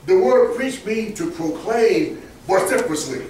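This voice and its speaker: A man with a Southern US accent preaching a sermon. He swings from low asides to loud shouting and chuckles now and then. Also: expressive, measured pace, a little hiss or hum. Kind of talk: fiery sermon. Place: church sanctuary. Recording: echoey church from far off.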